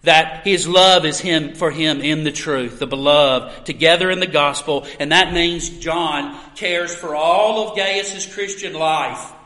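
Man, pastor, sermon, high pitched, slow and emphatic, echoey church hall. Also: bright, forceful tone. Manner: earnest, emphatic preaching with pauses. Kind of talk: expository sermon.

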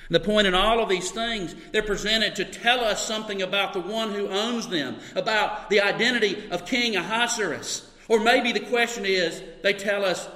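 Bright-voiced preacher in a reverberant hall. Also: male voice, high voice, normal speed, hardly any pauses. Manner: storytelling with bursts of emphasis and laughter. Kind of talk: sermon.

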